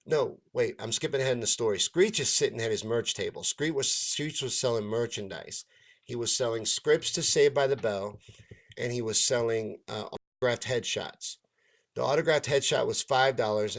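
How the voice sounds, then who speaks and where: A man, a stand-up comedian, telling a long story in a casual rant, swearing freely and acting out the lines of the people in it. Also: mid-range voice. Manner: profane, animated, acts out others' lines. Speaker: stand-up comedian and show host.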